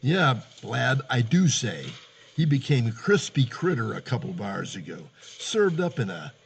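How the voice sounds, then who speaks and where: A man playing a gruff hard-boiled detective. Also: mid-range voice, sing-song, a little slow, slight background noise. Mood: taunting. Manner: hard-boiled, taunting, blunt. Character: tough wisecracking noir detective, middle-aged man. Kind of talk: 1940s radio acting.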